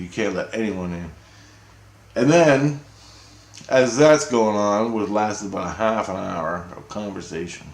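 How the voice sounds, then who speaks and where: A man's voice: fairly low pitch, a little hiss or hum. A man telling a long, rambling story in casual, profane speech, often checking in with "right?". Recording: roomy echo.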